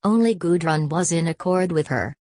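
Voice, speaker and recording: A woman with a low, deep voice reads a classic novel aloud in a measured, steady way. The recording is dry and close, with no room sound around her. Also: no room sound. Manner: measured, steady literary reading. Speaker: audiobook narrator. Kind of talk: scripted narration of a classic novel.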